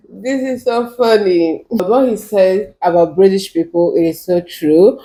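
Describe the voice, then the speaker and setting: Mellow unhurried woman reacting to comedy. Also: medium pitch. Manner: chatty, laughs easily, speaks to viewers directly. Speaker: reaction video host. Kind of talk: casual reaction commentary.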